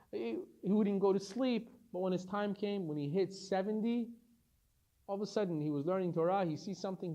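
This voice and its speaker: A man teaching a Torah lesson as a rabbi, telling stories with animation and acting out the dialogue. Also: high voice. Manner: animated storytelling, acts out dialogue.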